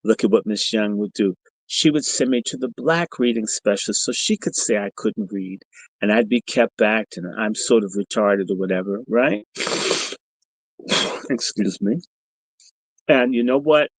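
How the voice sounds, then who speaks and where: Husky, fairly low and a little slow, a middle-aged man's voice carries a story on his podcast's livestream. He's an animated storyteller who is provocative, profane and combative; the recording is low quality with no room sound.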